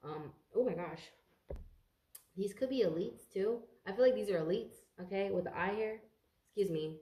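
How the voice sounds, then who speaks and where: A woman's voice: mid-range voice, a little fast, mellow, reverberant. A congested woman giving a casual tarot reading to camera, rambling, swearing freely and stumbling over her words. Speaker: tarot reader.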